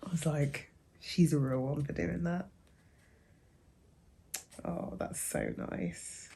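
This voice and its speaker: A young woman talking casually in a reading vlog, soft-spoken and musing, with a hushed way of speaking. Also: low-pitched, takes it slowly, gravelly, pauses often. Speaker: book vlogger.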